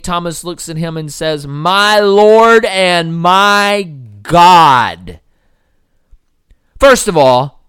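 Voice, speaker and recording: A man's voice: clear, resonant tone, no echo, clean studio sound. Young man preaching with big swings. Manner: swings from loud emphatic peaks to low quiet passages; stretches key words slowly for weight. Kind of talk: sermon.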